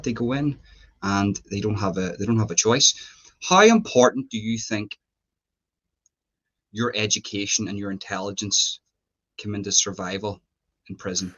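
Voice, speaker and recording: Husky low man on dull lo-fi line. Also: a little fast, fairly bright tone. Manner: rambling, thinking aloud. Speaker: host. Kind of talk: interview questions.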